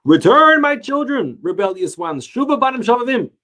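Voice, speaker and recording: A man voicing a heavenly voice from on high, proclaiming slowly and drawing out his words. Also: very animated, pushed and bright, heavily acted.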